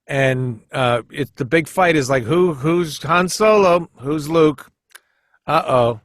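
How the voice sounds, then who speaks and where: A man chatting as a podcast guest, telling stories in an animated, rambling way with many restarts, often jumping into quoted voices. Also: on the high side, slow pace, no echo, studio quality. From United States. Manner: animated storyteller who jumps into quoted voices. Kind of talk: casual storytelling chat.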